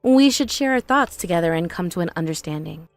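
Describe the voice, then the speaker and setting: A woman voicing a patient young bride in an animated story, calm, earnest and reasoning. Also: on the low side, fairly quick, dry recording, soft background music.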